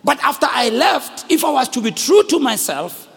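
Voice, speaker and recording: A man with a South African accent preaching a sermon to a congregation, animated, shouting at the peaks and joking with the crowd. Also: very high voice, normal speed, vocal fry, husky. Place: church hall with congregation. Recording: long echoing hall reverb.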